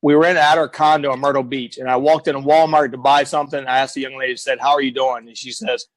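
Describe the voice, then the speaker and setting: A man's voice: medium pitch, level tone, fast talker, no room sound. Blunt, emphatic middle-aged man. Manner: emphatic, blunt, repeats himself for effect. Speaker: guest. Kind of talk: casual storytelling.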